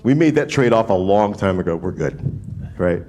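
A man from New Orleans preaching a sermon in a casual, animated way, often restarting phrases and checking in with "right?". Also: on the low side, moderate pace. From New Orleans, USA. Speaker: pastor.

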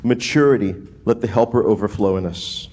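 A man from New Orleans preaching a sermon in a casual, animated way, often restarting phrases and checking in with "right?". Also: on the low side, fairly quick. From New Orleans, USA. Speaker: pastor.

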